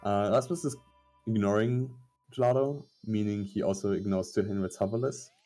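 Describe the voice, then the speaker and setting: Low, dark-voiced male commentator with halting speech. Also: fairly even intonation, soft background music. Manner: halting, analytical, many fillers. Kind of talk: live esports commentary.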